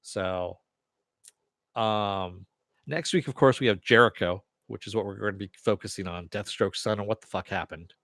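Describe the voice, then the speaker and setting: Man hosting a loose live TV review, low voice, dry close sound, rambling and blunt. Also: moderate pace, a bit bright, no room sound. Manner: rambling, off-the-cuff, swears, answers chat comments. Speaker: TV review host. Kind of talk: casual live-stream review chat.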